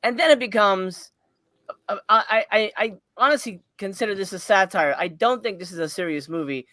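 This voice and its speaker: A podcast host with a bright, forceful voice, rambling through a casual movie review. The delivery is loose and profane, with frequent laughter. The sound is dry and close, with no room echo. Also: medium pitch, fairly quick.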